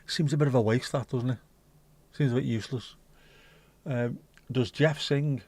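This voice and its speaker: A man's voice: medium pitch, moderate pace, long pauses, dark tone, dry recording. A middle-aged man hosting a casual livestream and chatting in a playful, cheeky, rambling way. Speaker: livestream host.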